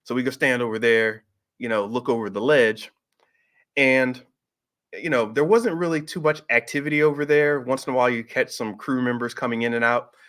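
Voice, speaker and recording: A middle-aged man telling a personal story in a casual, animated way, jumping up in pitch when he acts out what people said. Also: normal speed. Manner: animated, acts out quoted voices with pitch jumps. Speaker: host.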